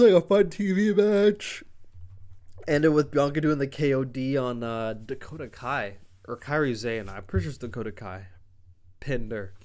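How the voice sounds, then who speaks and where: A young man with a smooth, clear voice rambles through a wrestling recap. He talks loosely, swears freely and lifts his voice when he acts out quotes. His pitch sits in an ordinary middle range. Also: a bit bright. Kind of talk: casual chat.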